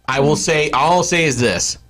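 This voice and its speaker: A man's voice: a little high, moderate pace, a bit bright. A man hosting a podcast in casual chat, joking and teasing. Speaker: podcast host.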